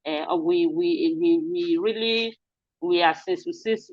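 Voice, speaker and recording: A woman's voice: mid-range voice, darkish tone, dry recording. A Nigerian woman hosting spoken news commentary, earnest and indignant. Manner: earnest, hesitant, then indignant. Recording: dry, dull lo-fi audio.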